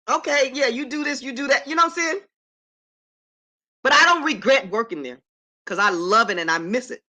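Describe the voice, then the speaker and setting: Speaking in a high voice with a sharp tone, a middle-aged woman runs a casual live stream from her apartment. She greets viewers by name and talks emphatically, affirming herself.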